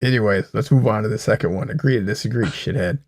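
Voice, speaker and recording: A young man co-hosting a casual podcast, swearing freely and laughing through lively retellings. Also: on the low side, fast talker, dry recording, studio quality. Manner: profane, laughs a lot, animated retellings. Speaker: podcast co-host. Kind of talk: casual banter.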